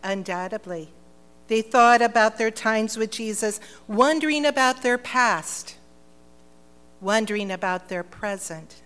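Slow, solemn woman narrator. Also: a little high, a bit bright, clean tone, big-room sound. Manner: solemn, measured. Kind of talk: scripted narration.

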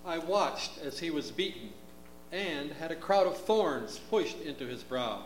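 A man's voice: fairly high pitch, expressive, measured pace, a little hiss or hum. A man playing a grieving male disciple in a church drama, speaking with earnest sorrow in a roomy hall.

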